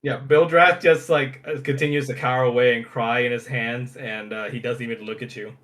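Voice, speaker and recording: A man narrating as game master of a tabletop game, speaking haltingly with many restarts. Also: mid-range voice, fairly even intonation, a bit bright. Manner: halting, full of fillers and restarts.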